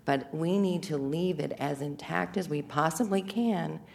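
Low-voiced older woman, earnest commenter. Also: gravelly, darkish tone. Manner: earnest, deliberate. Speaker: public commenter. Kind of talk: public comment at a council meeting.

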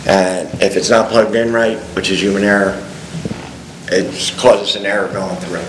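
A man with a very low voice makes a methodical, critical comment at a town meeting and often restarts his sentences. A faint hiss sits behind him. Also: flat delivery, moderate pace. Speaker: public commenter.

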